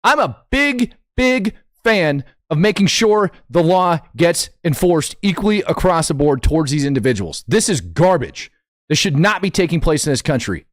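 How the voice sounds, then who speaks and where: A man's voice: on the high side, sing-song, moderate pace, dry recording, clean studio sound. A man hosting a political commentary show, talking bluntly and with indignation as he reacts to clips. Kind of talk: opinionated live commentary.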